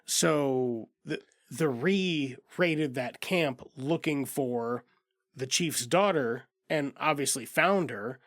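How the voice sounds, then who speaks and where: A man's voice: medium pitch, slow, a bit bright, no room sound, studio quality. Profane, rambling podcast co-host man. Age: adult with a child. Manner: profane, rambling, acts out characters' lines. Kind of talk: casual movie recap chat.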